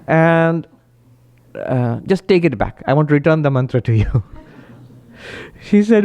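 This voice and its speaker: A man, a monk, giving a spiritual talk and telling stories with animated quoted voices. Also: a little slow, muffled recording. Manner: animated storyteller, raises pitch when quoting, laughs often.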